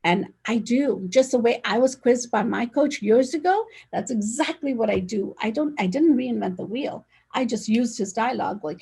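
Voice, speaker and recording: A woman's voice: on the high side, expressive, moderate pace, vocal fry, a little mellow, breathy edge. A woman speaking energetically and directly as an interview guest, talking over a video call. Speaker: real estate agent, guest. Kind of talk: casual conversational interview.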